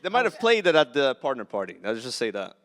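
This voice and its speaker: Gravelly sheepish man on a panel. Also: mid-range voice, huge pitch swings, fast, fairly bright tone. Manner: sheepish, joking. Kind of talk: casual panel chat.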